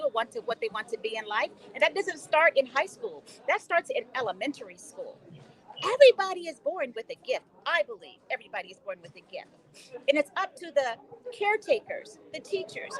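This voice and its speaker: This high-pitched woman in her sixties is a guest educator on a talk show, telling stories conversationally. She's emphatic and animated, and she acts out her own dialogue by quoting herself. The audio quality is poor.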